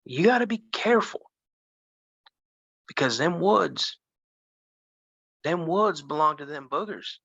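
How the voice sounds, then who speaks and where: A woman's voice: deep voice, expressive, slow pace, gravelly, pauses often, a bit bright, slightly rough, dry recording, dull audio, heavily acted. A man voicing a tough, short old great-grandmother with folksy rural speech and a mean streak. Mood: soothing warning.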